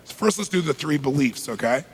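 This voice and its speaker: A motivational speaker with a high, husky, animated voice talks fairly quickly on a rough recording. He tells a story with emphatic, punchy delivery, acting out the quoted exchanges.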